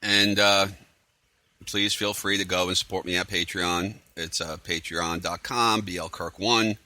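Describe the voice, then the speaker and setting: Brief: male solo vlogger, low voice with a sharp edge, sarcastic, rambling recap. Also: fairly even intonation, unhurried, no echo. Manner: rambling, sarcastic, many fillers. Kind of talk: casual spoiler recap.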